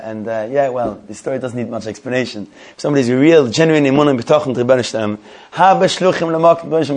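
Fast-talking man telling a story to a Torah class. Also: medium pitch. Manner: rapid, animated, many restarts and repetitions. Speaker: Torah teacher.

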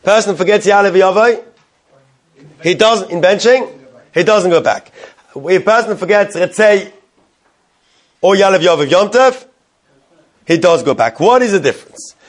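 Guy a high voice teaching halacha to a class, translating the hebrew as he goes, lots of questions to the room. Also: animated, measured pace, long pauses. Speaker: Torah teacher. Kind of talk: Talmudic-style halacha class.

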